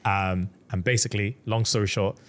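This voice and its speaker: Young guy recapping a book, low-ish voice, jumps up high doing the girl's lines. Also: fairly quick. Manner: animated storyteller, acts out the characters' lines in a raised voice. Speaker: podcast co-host. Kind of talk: casual chat, retelling a book plot.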